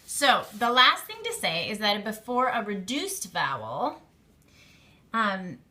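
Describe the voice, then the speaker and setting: Female teacher, bright and clear tone, patient lecture delivery with casual fillers. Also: mid-range voice. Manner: patient, explains step by step with fillers. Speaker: Hebrew teacher. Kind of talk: classroom grammar lecture.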